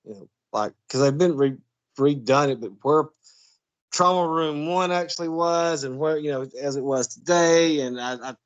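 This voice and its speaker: A man's voice: a little high, moderate pace, muffled recording. A man hosting an interview show, chatting casually with frequent laughs and stammered restarts. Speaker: host.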